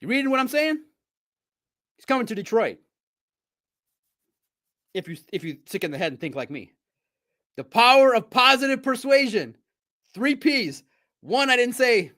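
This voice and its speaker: A man hosting a live sports talk stream, talking straight to his viewers in a playful, animated way. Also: high-pitched, moderate pace, long pauses.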